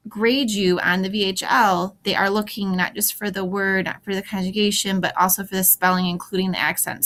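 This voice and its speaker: In this screen-recorded class tutorial, a woman who teaches French walks her students through every click, offering practical, encouraging advice. Her voice is mid-range and slightly bright.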